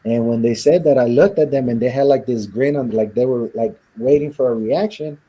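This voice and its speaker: A man from Southern California, an interview guest, tells his story candidly and bluntly with rough language, acting out what guards said to him. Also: mid-range voice, a little fast, mellow, muffled recording. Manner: blunt and profane, acts out the guards' lines.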